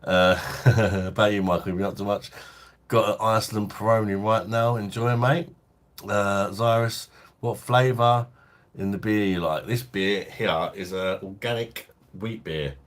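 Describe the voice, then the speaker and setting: A man's voice: on the low side, steady tone, measured pace. A man hosting a casual beer review livestream, chatting laid-back and reading out viewer comments. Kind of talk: casual live-stream chat.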